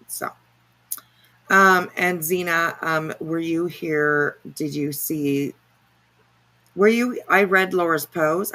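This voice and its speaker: Woman on a stream reacting to clips, gravelly voice, rambly and sarcastic, lots of um and like. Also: low-pitched, bright, forceful tone. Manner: rambling, sarcastic, swears, many fillers. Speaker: livestream commentary host. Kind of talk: casual reaction commentary.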